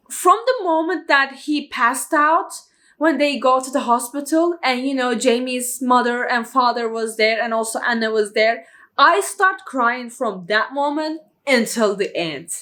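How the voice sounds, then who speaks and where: A woman with a rather high voice talks through a film in a casual vlog review. She is chatty and openly emotional, and she keeps looping back with "you know" and "like" as she goes. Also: a little slow, fairly bright tone. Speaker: movie reviewer.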